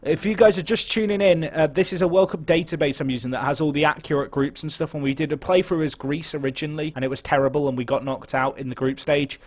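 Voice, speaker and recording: A young man giving chatty live commentary on a football management game, nervous and excitable, muttering and then shouting. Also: on the high side, fast talker, few pauses. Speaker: game streamer.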